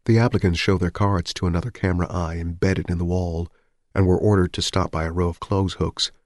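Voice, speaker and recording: A man with a very low, deep voice reads a novel aloud as an audiobook. His delivery is even and measured, and the recording is close and dry with no room echo. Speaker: narrator. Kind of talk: scripted audiobook narration.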